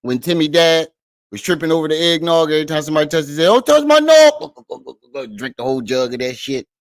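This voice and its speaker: A fast, smooth male voice with fairly high pitch and fairly even intonation comes through with no echo. He's a laid-back livestream host in his living room, talking with viewers, swearing freely, and laughing at himself while reading comments.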